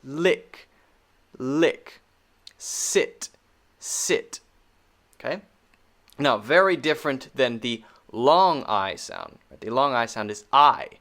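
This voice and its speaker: A man teaching pronunciation, slowly repeating each sound in drills. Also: mid-range voice, animated, fairly bright tone. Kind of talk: pronunciation lesson.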